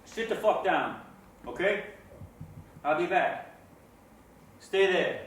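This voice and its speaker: A man's voice: sits high, expressive, slow pace, slight background noise. An actor playing a menacing, foul-mouthed neighborhood gangster man. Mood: hostile. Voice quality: crude and intimidating. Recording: echoey room, mic at a distance.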